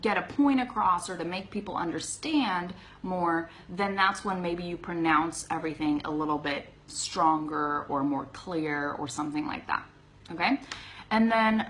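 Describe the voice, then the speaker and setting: A woman's voice: lowish voice, a bit bright, a little hiss or hum, poor audio. A woman with a Californian accent giving a live online English lesson, chatty, laughing often and checking in with "okay?". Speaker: English teacher.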